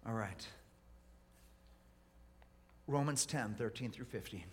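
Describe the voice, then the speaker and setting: A pastor preaching a sermon, swinging from hushed whispers to loud, urgent appeals. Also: male voice, medium pitch, measured pace, pauses often, breathy edge, big-room sound.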